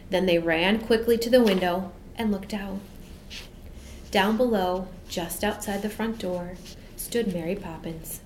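A woman reads a classic children's story aloud, steady and expressive, in a middling voice. A faint hiss sits under the reading. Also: medium pitch, low-quality recording. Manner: measured and expressive. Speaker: audiobook narrator.

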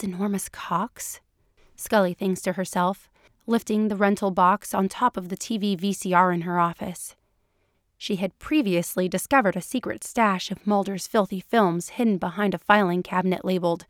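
A woman's voice: mid-range voice, fairly even intonation, moderate pace, no room sound, studio quality. A woman reading fan fiction aloud in a playful, amused narrating manner. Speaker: reader.

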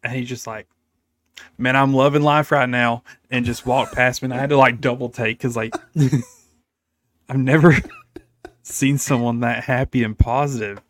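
A man's voice: medium pitch, fairly even intonation, measured pace, long pauses, no room sound. A young man, co-host of a gaming podcast, telling a story in casual chat and laughing often.

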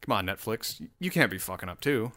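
A man's voice: on the low side, big pitch swings, fairly quick, sharp tone. A man hosting his own solo show, rambling and swearing in a casual rant full of restarts. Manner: rambling, profane, self-interrupting.

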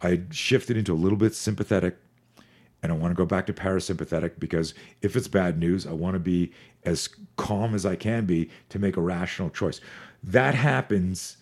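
A man in his forties, a fear management expert on a podcast, talking in an energetic, profane, storytelling way. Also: low voice, normal speed. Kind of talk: podcast conversation.

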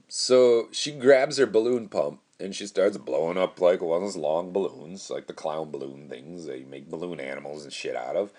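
A man's voice: low voice, darkish tone. A young man hosting his own podcast, telling a story in a rambling, casual way, laughing often and swearing freely. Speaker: podcast host.

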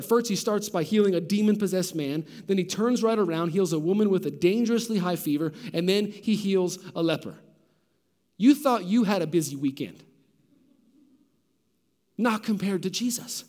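A man's voice: sits high, expressive, normal speed, a little mellow, big-room sound. A man pastor preaching a sermon emphatically, asking the congregation rhetorical questions.

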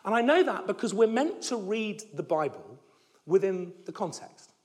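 A male preacher with a high, lively voice that leaps up on key words and sinks to a near hush at the ends of phrases. He talks emphatically, stumbling and restarting as he drives his points home. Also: normal speed. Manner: voice drops low and soft at phrase ends. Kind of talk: sermon.

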